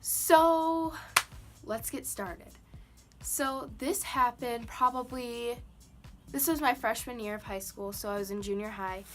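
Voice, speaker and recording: A woman's voice: on the high side, takes it slowly, faint music behind. Chatty young woman telling a story. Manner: chatty, lots of "like" and "um". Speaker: vlogger. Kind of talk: casual storytime.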